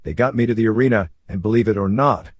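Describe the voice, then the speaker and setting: A man narrating a first-person memoir in a steady, matter-of-fact storytelling way. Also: on the low side, fast talker, slightly rough, no room sound.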